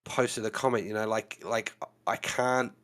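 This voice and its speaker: A man's voice: lowish voice, fairly even intonation, measured pace, fairly bright tone. A man with an Australian accent, co-hosting a livestream in casual, frank chat, swearing now and then and trailing off while he searches for words. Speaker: co-host of a blacksmithing livestream.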